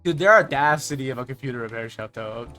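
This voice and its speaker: A man's voice: mid-range voice, lively intonation, fast, pushed and bright, soft background music. A young man streamer in casual chat, ranting in exasperation and swearing freely as he mimics the people he talks about.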